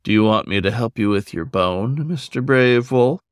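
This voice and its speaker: A man voicing an affectionate, teasing male black bear who talks in a low growl. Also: lively intonation, normal speed, clear, resonant tone, dry recording, studio quality, close to an everyday voice. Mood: fond.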